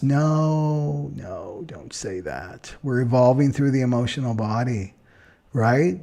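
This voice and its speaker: An astrologer chats in a relaxed way on a live stream, reading charts and answering viewer comments, often tossing in "right?" and short laughs. His voice is mid-range and he takes it slowly.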